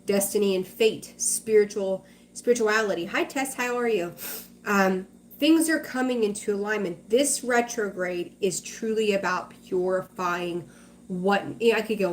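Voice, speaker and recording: A woman's voice: medium pitch, a little slow, a little hiss or hum. A woman hosting a tarot livestream, chatting casually with viewers, reassuring them and greeting them by name.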